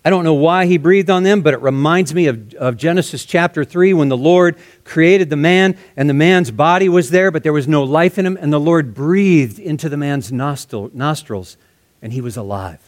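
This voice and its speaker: A man preaching a verse-by-verse sermon in a conversational way, dropping to soft, hushed tones for emphasis. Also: fairly high pitch, moderate pace. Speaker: pastor. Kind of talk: expository sermon.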